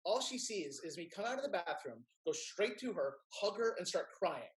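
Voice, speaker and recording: A man from Kentucky with a Kentucky accent, a filmmaker guest telling a story in a casual interview, lively and quick to act out what others said. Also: high-pitched. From Kentucky, USA. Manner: animated storyteller, acts out quotes in raised voices.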